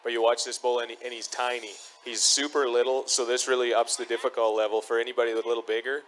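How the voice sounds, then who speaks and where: A man giving expert commentary on bull riding, explaining the bulls in a quick, matter-of-fact way. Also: medium pitch, little pitch movement, fairly bright tone, low-quality recording. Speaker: color commentator.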